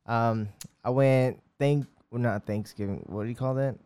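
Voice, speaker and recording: A man's voice: medium pitch, steady tone, moderate pace, a crowd in the background. A man co-hosting a podcast in casual chat, easygoing and a little hesitant, with frequent ums. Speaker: podcast co-host.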